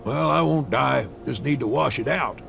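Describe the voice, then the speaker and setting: A man voicing a grumpy, short-tempered middle-aged father who speaks in gruff, curt lines in a story game. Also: mid-range voice, moderate pace, fairly bright tone, soft background music. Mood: dismissive.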